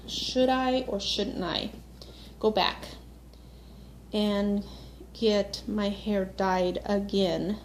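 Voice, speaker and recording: A woman's voice: mid-range voice, steady tone, takes it slowly, darkish tone, a little hiss or hum. A woman in her thirties venting casually to her viewers, upset and speaking directly to them with frequent fillers. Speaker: vlogger. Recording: echoey room with faint ambience.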